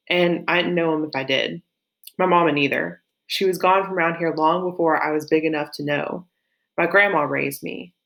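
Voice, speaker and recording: A woman's voice: sits low, vocal fry, fairly bright tone. A woman with a light Southern US accent, reading aloud as a young woman from a novel who tells her own life story in a plain, folksy way.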